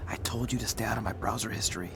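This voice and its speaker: A man's voice: lowish voice, fairly even intonation, very fast, vocal fry, background noise. An actor voicing a laid-back, wisecracking young male wrestling trainee in a game cutscene. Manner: wry, joking. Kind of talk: video game cutscene acting.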